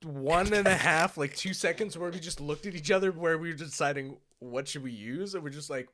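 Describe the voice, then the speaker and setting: A man co-hosting a podcast in relaxed, chatty conversation. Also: a little high, a little fast, slight background noise. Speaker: podcast co-host. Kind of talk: casual chat.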